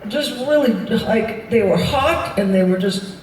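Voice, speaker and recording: A woman's voice: expressive, unhurried, a little mellow. Woman, 70s, live stage banter, storyteller who voices the other people in her stories; distant echoey crowd recording with noise. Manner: chatty, laughing, acts out other people's lines. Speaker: singer and actress on stage. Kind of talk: telling stories to a live audience. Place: large arena stage before a live crowd. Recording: distant audience recording in a booming arena.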